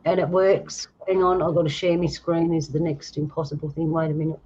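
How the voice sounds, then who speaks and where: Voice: mid-range voice, flat delivery, fairly quick, darkish tone, husky. Aussie host rambling thru a story, chatty and laughing, muffled lo-fi audio. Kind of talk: casual chat and storytelling.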